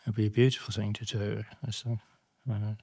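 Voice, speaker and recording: A middle-aged man giving a Dhamma talk as a Buddhist monastic teacher, reflective and halting, with many restarts and tag questions. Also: on the low side, flat delivery, dark tone, breathy edge, no room sound, clean studio sound.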